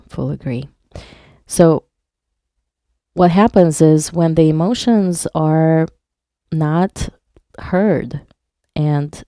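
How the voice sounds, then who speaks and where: A woman's voice: sits low, dark tone, dry recording, studio quality. A woman hypnotherapist leading a live online workshop, reading viewers' chat aloud and explaining patiently, with some wordplay. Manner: plays on words while teaching.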